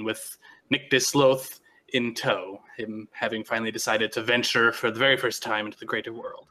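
A man's voice: mid-range voice, pushed and bright. A man narrating as game master of a tabletop game, rambling and restarting often.

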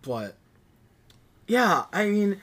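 A man's voice: high voice, sing-song, very slow, fairly bright tone. A man co-hosting a podcast in casual chat, rambling and enthusiastic with lots of fillers. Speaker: podcast co-host.

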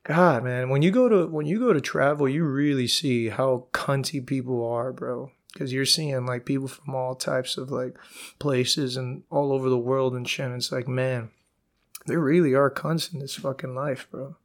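A man's voice: medium pitch, fairly even intonation, moderate pace. A man hosting a solo podcast, telling stories in a profane, rambling way. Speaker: podcast host. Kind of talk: casual solo podcast monologue.

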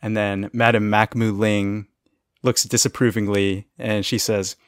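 A relaxed man with a low-pitched voice co-hosts a casual podcast, walking through a cartoon episode scene by scene. He laughs easily. The recording is dry and close. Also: measured pace, no echo. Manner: laid-back, laughs often, retells scenes. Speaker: podcast co-host.

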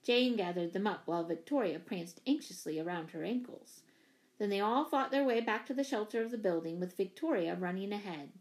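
A woman narrating a children's story in an even, expressive reading. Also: medium pitch, fairly quick. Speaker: audiobook reader. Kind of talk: scripted narration.

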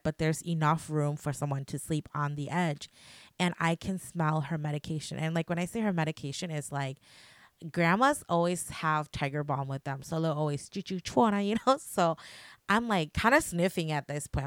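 A woman's voice: low-pitched, fairly bright tone, no echo, studio quality. A young woman hosting a podcast, telling a personal ghost story in a chatty, emotional way full of fillers. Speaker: podcast host. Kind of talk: casual storytelling.

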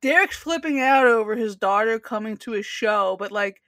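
Woman co-host, casual recap chat, bright high voice, dry close sound, giggly and filler-heavy. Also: moderate pace, dry recording. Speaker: podcast co-host recapping a show.

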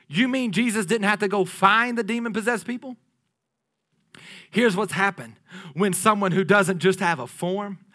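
A man preaching a sermon, lively and playful, swinging from loud declarations down to hushed near-whispers. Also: high-pitched. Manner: playful asides with laughter to the congregation.

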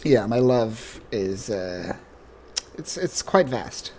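A man chatting loosely on a podcast, recapping a comic plot. He rambles, jokes and fills gaps with ums and uhs. His pitch sits at a middling level for a man. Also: animated, slow pace, darkish tone, a little hiss or hum. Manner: rambling, joking, many fillers. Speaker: podcast co-host. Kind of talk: casual comic-book recap chat.

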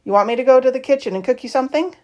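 A woman reading the lines of a patient, gentle father who keeps asking questions to understand his child. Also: very high-pitched, racing, voice pushed up. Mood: puzzled.

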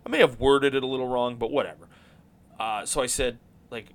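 A man hosting a podcast, talking casually about hockey in an animated, rambling way and swearing now and then. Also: mid-range voice, brisk, a little hiss or hum. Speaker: podcast host.

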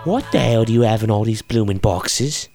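An actor playing a gruff, blunt Cockney mover. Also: male voice, lowish voice, moderate pace, music in the background, natural voice.

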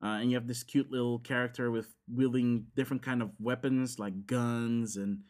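A man's voice: medium pitch, fairly even intonation, moderate pace, a little mellow. A man, chatting casually on a podcast and rambling with lots of fillers and restarts. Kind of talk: casual chat about games.

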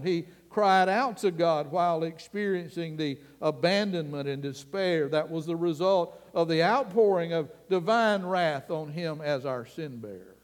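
A man preaching a sermon as pastor, earnest and deliberate, sometimes dropping his voice to a hush. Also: fairly high pitch, big-room sound. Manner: slow, earnest preaching with dramatic drops to a hush.

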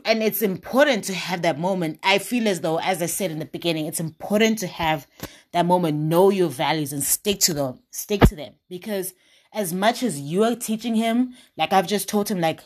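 A woman giving dating advice in a casual monologue, sassy and emphatic, with big swings in pitch.

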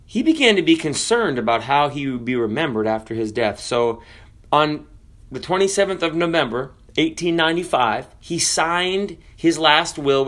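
A man delivering a sermon in a fairly high voice, mixing scripture quotes with stories from his own life. He drops to near-whispers on key words, then rises sharply for emphasis. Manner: dramatic swings from hushed to loud. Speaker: preacher.

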